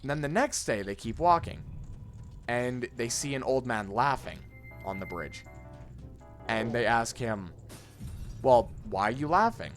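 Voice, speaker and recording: A young man rambles through a story from school, circling back and restarting his sentences, swearing casually. His voice sits at an ordinary pitch. Game music plays faintly behind him. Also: measured pace, pauses often, a bit bright. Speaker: let's play co-host. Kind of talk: casual gaming chat, storytelling.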